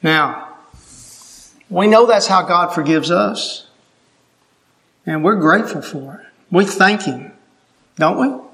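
A man's voice: high voice, slow, pauses often, a bit bright. A man preaching a sermon, earnest and emphatic, putting questions to his listeners.

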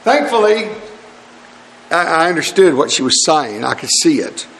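A man's voice: a little high, animated, fairly quick, vocal fry, a bit bright. A middle-aged man preaching a sermon with fervent, repeated rhetorical questions. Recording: hall reverb.

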